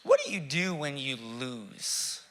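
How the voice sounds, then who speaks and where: A male pastor preaching a sermon, reflective, asking rhetorical questions with dramatic pauses. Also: mid-range voice, sing-song, fairly bright tone.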